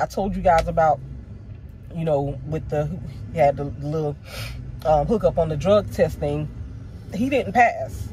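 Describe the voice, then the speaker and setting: A woman with a husky, slightly breathy voice tells a personal story straight to camera. She talks in a loose, candid way and calls her viewers "y'all." Her emotions sit close to the surface. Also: fairly low pitch, warm tone. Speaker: vlogger.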